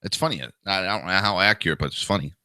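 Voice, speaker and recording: A man's voice: deep voice, fast, bright, forceful tone, no room sound. A man in his thirties hosting a talk show, giving crude, profane and sarcastic ranting commentary.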